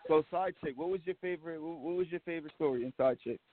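A man co-hosting a casual online show, easygoing and a little halting as he asks questions. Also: fairly high pitch, very noisy. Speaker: co-host. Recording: dry tinny phone line.

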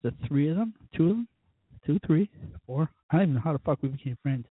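Fast, animated, and fairly high-pitched, this drunk podcast host rambles profanely through stories peppered with quoted asides. His husky voice comes over a tinny, phone-like line with no room sound.

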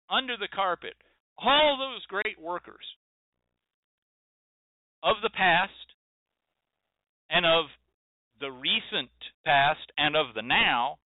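A man's voice: on the high side, dry recording. Emphatic male host on a tinny line. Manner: emphatic, preachy, repeats phrases for effect. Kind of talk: impassioned monologue. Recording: dry tinny phone-like sound.

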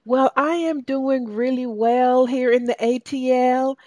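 A woman with a Southern US accent hosting a radio talk show as a success coach, talking with lively enthusiasm and a lot of fillers. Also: high voice, unhurried, no echo. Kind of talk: upbeat radio show monologue.

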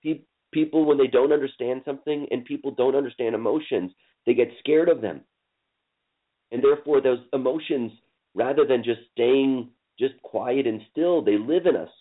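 A man leading a guided forgiveness session on a call, speaking slowly and soothingly with lots of repetition. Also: medium pitch. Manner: slow, soothing, repetitive coaching. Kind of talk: guided emotional healing session. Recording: tinny phone-line audio.

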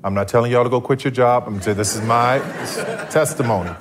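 A man speaks as a guest in front of a live audience, telling a personal testimony. He tells it with animation and acts out his own past dialogue. His voice sits at an ordinary pitch for a man. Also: fairly quick, noisy background.

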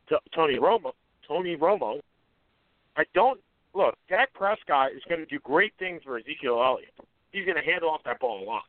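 On a sports radio talk show, a male co-host with a fairly high voice confidently fires off predictions, correcting himself along the way. The audio is dry and phone-like, with no echo.

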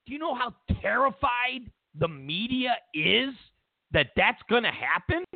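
Host, male, high lively voice, gravelly, tinny and dry, mocking monologue. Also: unhurried, dry recording. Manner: emphatic, mocking, repeats himself. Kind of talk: political commentary monologue. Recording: dry, tinny phone-like sound.

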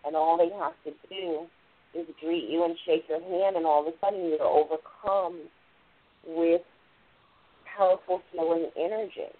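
A woman's voice: fairly low pitch, fairly even intonation, normal speed. A woman hosting a spiritual radio show, explaining things in a rambling, casual way and often saying "like" and "literally". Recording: tinny phone-line radio audio.

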